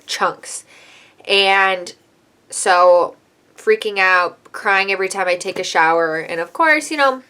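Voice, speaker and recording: A woman's voice: mid-range voice, fairly bright tone. A woman in her twenties, a hairstylist, telling a personal story in a candid, emotional, chatty vlog style.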